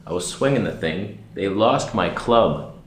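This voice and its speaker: A man putting on a low, dopey rambler. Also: roomy sound, a little hiss or hum. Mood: deadpan. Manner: slow, deadpan, absent-minded. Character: dim rambling man telling pointless stories.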